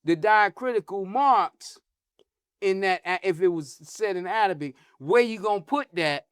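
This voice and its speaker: A man's voice: expressive, normal speed, clear, resonant tone, dry recording, clean studio sound. Man teaching with rising emphasis. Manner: teaching, asks "huh?" to check listeners follow; rises in pitch and force when stressing a point. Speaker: religious teacher. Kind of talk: religious discussion.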